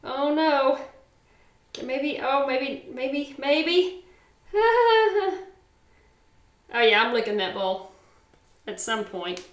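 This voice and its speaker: A woman's voice: high-pitched, expressive, very slow, long pauses, echoey room. A woman hosting a casual cooking vlog, gushing and sing-song as she talks to viewers from her home kitchen. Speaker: cooking show host.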